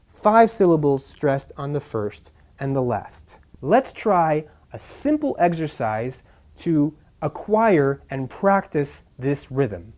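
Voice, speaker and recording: A man leads a scripted English pronunciation lesson, leaning hard on the stressed syllables. His pitch swings widely as he demonstrates rhythm. He speaks slowly, in a mellow tone. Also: big pitch swings. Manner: slow, deliberate, exaggerated stress on key syllables. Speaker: pronunciation teacher.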